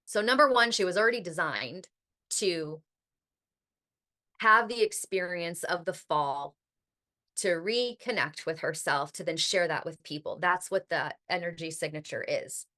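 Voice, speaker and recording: Bright-voiced woman podcast host. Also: lowish voice, a little slow. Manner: chatty, heavy use of "like", occasional swearing. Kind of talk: casual podcast monologue.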